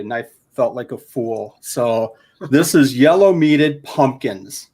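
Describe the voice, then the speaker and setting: A man's voice: mid-range voice, expressive, takes it slowly, a little mellow. A man chatting casually on a livestream, rambling through his food list and a story with plenty of fillers, filming himself handheld. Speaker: guest isopod keeper. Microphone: handheld camera.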